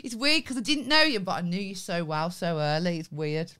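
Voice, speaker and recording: A woman's voice: on the low side, fairly quick, bright, forceful tone, clean tone. A woman co-hosting a comedy podcast, telling a story animatedly, acting out quoted lines and swearing freely. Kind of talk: casual storytelling chat.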